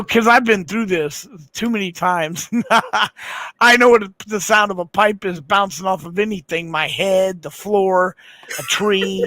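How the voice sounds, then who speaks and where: A man's voice: high-pitched, pushed and bright. A man hosting a casual late-night chat, telling rambling, profane stories and laughing a lot. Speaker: livestream host.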